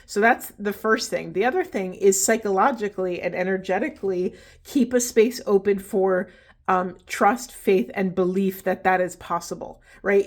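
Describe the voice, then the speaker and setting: A woman's voice: mid-range voice, darkish tone. A woman, hosting a spiritual reading and talking casually and earnestly to her viewers, encouraging them with many fillers and restarts. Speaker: spiritual reader and host.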